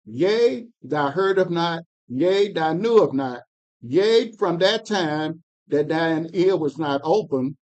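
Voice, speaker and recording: A man reading scripture aloud in a Bible class, slow and emphatic, pushing up on key words. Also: a little high, lively intonation, a little mellow, muffled recording.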